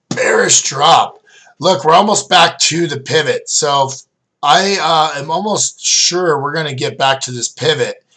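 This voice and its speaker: A man's voice: on the high side, pushed and bright. A middle-aged man casually walking viewers through trading charts as their coach, rambling with lots of fillers and restarts. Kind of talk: casual screen-share chart review.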